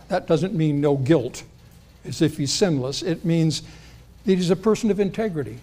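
A man's voice: normal speed, mellow. A man preaching an expository sermon in a conversational way, acting out the quoted lines. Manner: conversational, acts out quotes with rising pitch.

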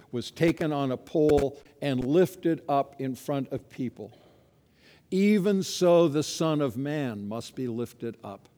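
A man's voice: medium pitch, mellow. Emphatic preacher man in a reverberant hall. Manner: earnest, emphatic preaching with slow stressed phrases. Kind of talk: sermon.

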